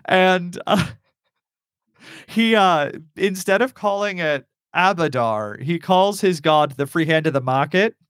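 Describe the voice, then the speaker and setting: A man's voice: high voice, takes it slowly, no room sound, clean studio sound. A man hosting a podcast, chatting casually about tabletop role-playing characters with lots of fillers and laughter. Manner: animated, laughs often, many fillers. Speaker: podcast host.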